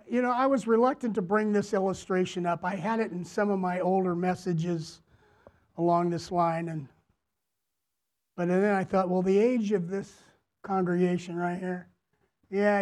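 A man preaching a sermon as pastor to his congregation, deliberate, repeating phrases and asking them questions. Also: sits high, darkish tone. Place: church, before a congregation.

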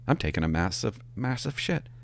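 A man, a former police officer telling stories in a casual, animated and profane way. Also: fairly low pitch, a little fast, creaky. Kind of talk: casual storytelling to camera.

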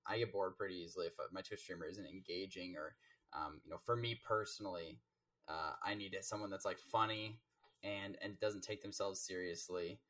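A Rocket League coach appears as a guest in a casual interview chat, rambling through stories with many fillers and restarts. His deep voice is steady, bright, and forceful at a normal speed, recorded from a distance.

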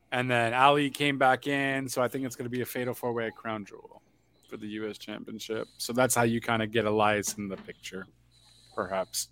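A man's voice: mid-range voice, fairly bright tone, clear, resonant tone, dry recording. Guy cracking jokes and cussing on a podcast, dead dry mic. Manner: joking, profane. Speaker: podcast co-host. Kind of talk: casual wrestling chat.

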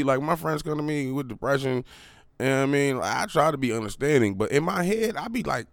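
A man's voice: mid-range voice, sing-song, normal speed, gravelly, no room sound. A young man hosting a podcast, talking in a rambling, profane, casual way with lots of fillers and restarts. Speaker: podcast host.

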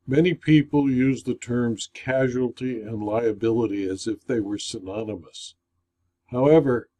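A man, an insurance claims consultant, giving a formal scripted lecture in a measured, deliberate way. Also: mid-range voice, mellow.

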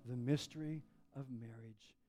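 A man preaching a sermon, asking the congregation questions and swinging from loud, emphatic lines to soft, low asides. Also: fairly even intonation, a little slow, no room sound. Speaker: pastor.

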